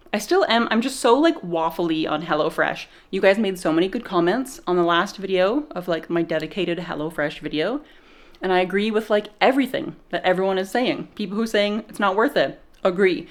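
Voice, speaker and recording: A young woman talking straight to her camera in a chatty vlog, rambling from one thought to the next. She is a little out of breath after exercise and laughs easily as she goes. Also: medium pitch. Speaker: vlogger.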